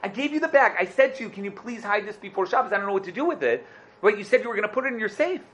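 A man voicing an indignant older yeshiva head who has been robbed, shouting and outraged. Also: wildly swooping pitch, rapid-fire. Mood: pleading, indignant. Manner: shouting, outraged, high-pitched.

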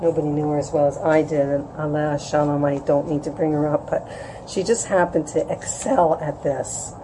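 A woman's voice: fairly even intonation, moderate pace, background noise. Chatty woman teaching a class. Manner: conversational, asks "right?" often, acts out quotes with rising pitch. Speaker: Jewish women's class teacher. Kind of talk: informal religious lecture. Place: room with an audience.

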